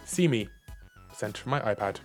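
A man's voice: fairly low pitch, animated, normal speed, soft background music. Wry young Irish man, casual chat. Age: young adult. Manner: wry, reads out emails in mock voices.

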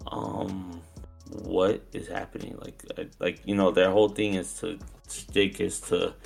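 At a live show venue, a podcast co-host chats casually in a low, level, unhurried voice with vocal fry. He rambles and hedges, filling his speech with fillers, while faint music plays behind him.

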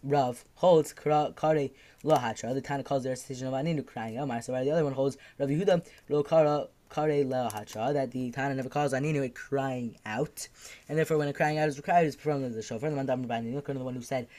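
Male Talmud teacher, middle pitch, fast and halting: reads a phrase, translates, backtracks, moves on. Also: dark tone. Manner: reads Aramaic then translates, with fillers and self-corrections. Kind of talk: daf yomi Talmud class.

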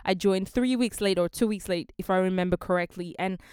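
A woman's voice: mid-range voice, a little fast, a little mellow, clean tone, no room sound, clean studio sound. A young woman from Africa hosting a casual motivational podcast, earnest and emphatic, repeating her key phrases. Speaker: podcast host.

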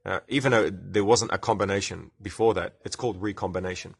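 A low-voiced Australian man with a slightly husky edge hosts a chatty science podcast. He explains with enthusiasm and breaks off now and then to greet live viewers. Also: fairly even intonation, fast. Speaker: podcast host.

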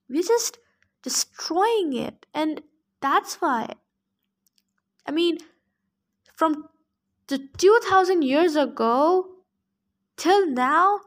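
A woman reading a novel aloud who stops to add heartfelt, emotional comments of her own. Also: extremely high pitch. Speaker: reader.

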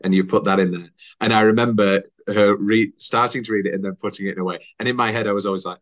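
A man's voice: fairly low pitch, quick pace, hardly any pauses. Chatty young man, podcast host. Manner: chatty, laughs often, lively retelling with put-on voices. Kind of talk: casual film podcast chat.

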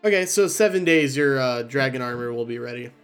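A young man narrating as game master in a relaxed, rambling way, swearing casually. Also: medium pitch, brisk, clear, resonant tone, faint music behind.

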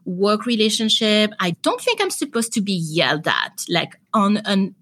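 Young woman guest on a podcast, bright voice, acts out quotes as she tells it. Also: medium pitch, moderate pace. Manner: animated storytelling with quoted dialogue. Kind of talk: casual interview chat.

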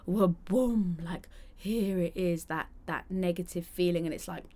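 A woman's voice: on the low side, flat delivery, moderate pace, a little mellow. A young woman hosting a solo podcast, chatty and candid, acting out quoted voices. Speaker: podcast host.

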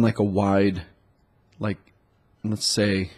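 A man's voice: lowish voice, flat delivery, slow, darkish tone, slightly rough. A man who has a cold, talking as a dating coach in a loose, rambling solo monologue full of likes and ums. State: stuffed up with a cold.

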